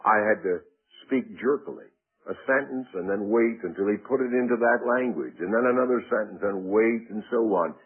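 A man preaching a sermon, talking fast, rising louder on key points and dropping low for asides. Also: breathy edge. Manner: fast talker. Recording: tinny lo-fi radio broadcast.

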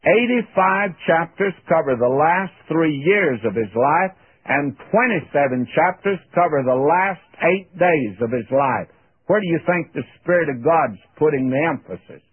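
Husky man teaching Bible on old radio. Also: a little high, animated, a little slow. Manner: folksy, earnest, addresses listener as "my friend". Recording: tinny old radio broadcast.

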